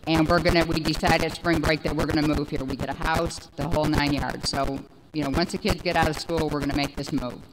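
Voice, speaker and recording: A woman in her forties giving a personal recovery testimony, rambling and animated, with many fillers. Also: deep voice, brisk, a loud crowd, rough recording. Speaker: speaker sharing recovery story.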